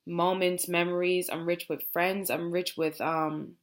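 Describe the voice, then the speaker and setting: A woman's voice: on the low side, little pitch movement, unhurried. A young American woman talking reflectively in a personal vlog, rambling with many fillers like "you know" and "like". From United States. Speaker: vlogger. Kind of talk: heartfelt personal vlog talk.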